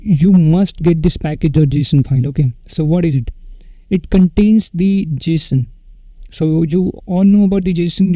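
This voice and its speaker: A man teaching a coding tutorial in an unscripted, casual way, pausing with fillers and checking in with "okay" as he goes. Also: fairly high pitch, dark tone, dry recording, rough recording. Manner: unscripted, many fillers and self-corrections, says "okay" often.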